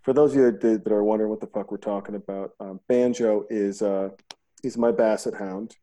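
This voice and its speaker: Man, middle-aged, podcast host, casual chat, rambling, joking, profane, relaxed dark tone. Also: fairly low pitch, a little fast. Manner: rambling and joking, acts out quotes, swears freely.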